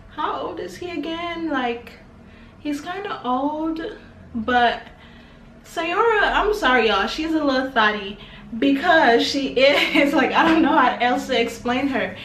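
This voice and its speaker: A woman's voice: sits high, recorded from a distance, slight background noise. A woman hosting a reality TV reaction video, chatting with viewers in an exasperated, gossipy way. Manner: chatty, exasperated, keeps addressing viewers as y'all. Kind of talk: casual reality TV reaction commentary. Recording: echoey room, voice off-mic.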